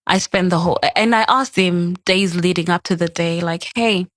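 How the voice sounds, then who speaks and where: A woman's voice: fairly low pitch, moderate pace, no echo. A young adult woman, a podcast guest, telling a personal story in casual chat and acting out the quoted lines. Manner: animated, acts out quoted dialogue.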